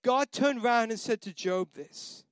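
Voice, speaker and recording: A man preaching a sermon as pastor. He moves from soft, near-whispered pleading to loud, rising proclamation. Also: very high voice, a little slow, clean tone, no echo. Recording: live church sermon with band playing behind.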